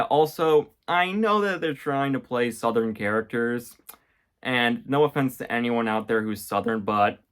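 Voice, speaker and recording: A man's voice: mid-range voice, a bit bright. A man giving a casual, jokey review of cartoon episodes, wandering off topic with many ums and uhs. His voice sits in a middle range for a man. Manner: rambling, jokey, many fillers. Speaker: vlogger reviewing a cartoon series.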